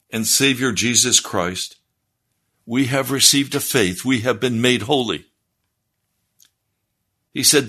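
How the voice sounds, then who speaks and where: A man preaching a sermon, explaining scripture in a deliberate, teaching manner. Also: medium pitch, sharp tone.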